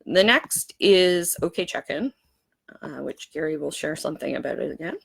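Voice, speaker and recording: A woman organizer giving a casual workshop on a live stream, explaining the rules in a relaxed, chatty way with lots of fillers and restarts. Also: low-pitched, moderate pace, vocal fry, husky. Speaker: event organizer running a workshop.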